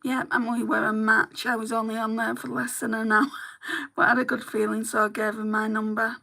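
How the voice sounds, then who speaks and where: A woman's voice: fairly high pitch, flat delivery, fairly quick, creaky, pushed and bright. A woman chatting candidly to the camera while doing her makeup, telling stories with a chatty, open manner. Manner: chatty, candid storytelling with laughs.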